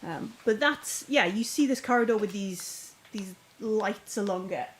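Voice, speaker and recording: A woman's voice: mid-range voice, lively intonation, measured pace, slight background noise. A woman narrating as game master of a tabletop game from home, describing scenes in a chatty, rambling way. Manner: descriptive, chatty, full of fillers.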